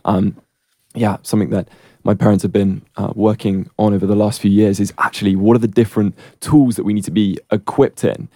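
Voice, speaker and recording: A man with a low, mellow voice talks in a measured, reflective way as a radio guest. The sound is dry and close to the mic. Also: steady tone, dry recording. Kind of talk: casual radio chat.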